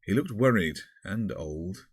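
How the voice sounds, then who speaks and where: A man reading an audiobook in a measured, even narration. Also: on the low side, slightly rough, no room sound, studio quality. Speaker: audiobook reader.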